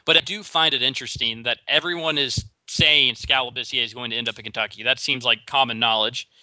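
Male sports talk host, opinionated and quick, stumbling over restarts, crisp dry booth sound. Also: medium pitch, fairly even intonation, pushed and bright, dry recording. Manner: opinionated, rapid with frequent restarts. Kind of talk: solo sports talk commentary.

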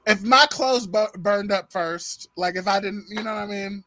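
Male host, high and lively voice, casual and profane, dry close sound. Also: moderate pace, no room sound. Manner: animated, swears freely, laughs often. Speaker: podcast host. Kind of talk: casual chat recapping a reality show.

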